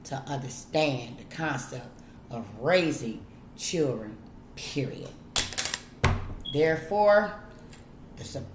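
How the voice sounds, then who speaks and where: A woman speaks in a low, unhurried drawl, lecturing her audience bluntly and swearing freely. Her voice rings in an echoey room with a faint hiss behind it. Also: a bit bright. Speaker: vlogger. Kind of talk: casual monologue to camera.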